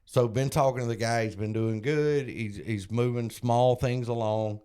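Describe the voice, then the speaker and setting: A man co-hosting a recovery podcast, telling a story in an earnest, casual way and growing animated when he retells conversations. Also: medium pitch, moderate pace, smooth. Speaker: podcast co-host and sponsor.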